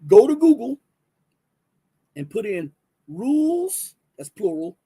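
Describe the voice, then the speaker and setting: This livestream host has a very high, husky voice and takes things slowly. Speaking with a Southern US accent, he casually and animatedly talks to his viewers while reading from his screen, full of restarts and fillers.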